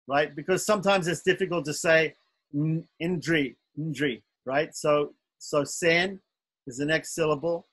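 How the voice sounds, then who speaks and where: A man's voice: fairly high pitch, a bit bright, low-quality recording. Patient man teaching chanting syllables. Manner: patient, corrects himself often, spells out syllable lengths. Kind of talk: online chanting lesson.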